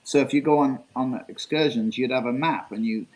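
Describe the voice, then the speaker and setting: A man's voice: mid-range voice, fairly quick, crowd noise. A man in his sixties, a street magician, telling long stories in a casual interview, rambling with restarts and acted-out quotes. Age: 60s.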